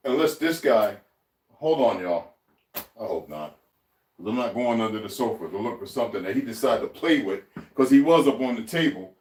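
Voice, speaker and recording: A man's voice: medium pitch, recorded from a distance. A man chatting casually to his viewers in his home kitchen, laughing often and talking to his cat as he searches around. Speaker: vlogger. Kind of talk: casual rambling vlog. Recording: roomy, off-mic, faint noise.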